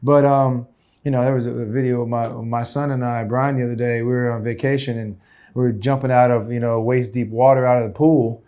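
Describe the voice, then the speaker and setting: Co-host, male, candid, easygoing, mid-pitched. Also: level tone, fairly quick, dark tone. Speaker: podcast co-host. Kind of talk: casual conversation.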